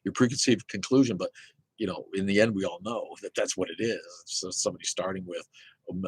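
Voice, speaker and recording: Hosting a live atheist Q and A, a man talks casually and meanders, cursing freely, filling gaps, and restarting sentences. His low voice has a breathy edge, and the recording is dry and of poor quality.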